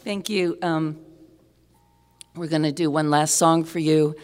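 A woman singer talking to a concert audience between songs, in rambling, halting stage banter full of ums. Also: deep voice, fairly even intonation, darkish tone.

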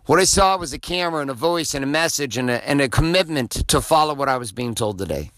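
A man's voice: mid-range voice, expressive, fast, fairly bright tone, dry recording. Man, middle-aged, motivational host, intense, profane, preachy, dry close sound. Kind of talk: motivational monologue.

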